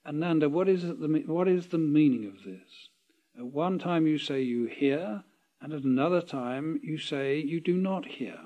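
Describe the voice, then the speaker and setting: A man reading as a calm old teacher. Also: on the high side, phone-quality sound, natural voice. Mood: questioning. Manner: measured, probing questions. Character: calm, questioning old male spiritual teacher.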